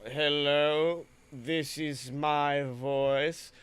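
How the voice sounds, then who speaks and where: A man voicing a meek young man raised by turtles, talking in a slow, measured, flat way. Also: a little high, smooth. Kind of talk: improvised comedic voice.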